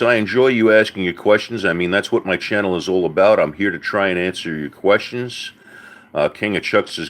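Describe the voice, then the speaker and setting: A middle-aged man's voice, low and a bit bright, carries his live car-advice stream as he answers viewers' questions. He explains how things work in a folksy manner, with plenty of "all right" and "uh," calling listeners folks and buddy.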